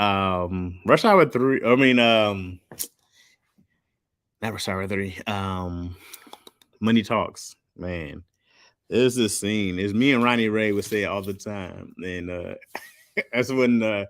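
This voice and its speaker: A man's voice: fairly low pitch, slow, pauses often, a bit bright, no echo, clean studio sound. A man streaming live, chatting casually in loose slang and answering chat. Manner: loose slangy talk, reads chat aloud.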